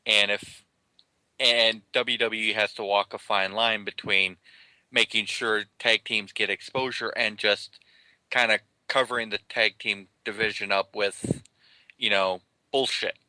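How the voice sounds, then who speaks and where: Man, podcast co-host, low voice, very bright, dry sound. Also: steady tone, unhurried, no room sound, rough recording. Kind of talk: casual podcast debate.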